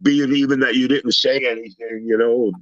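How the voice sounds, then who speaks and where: On a relaxed talk panel, a male guest trades stories with lots of energy, putting on the voices of the people he's run into. His voice is mid-pitched and he talks at a normal pace. The audio is dry and a bit dull and lo-fi, with no room sound.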